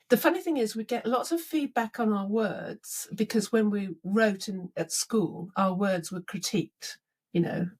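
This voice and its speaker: In a podcast interview, a middle-aged leadership coach animatedly tells stories, voicing both people in the dialogues she recounts. Her mid-range voice has a slightly rough quality.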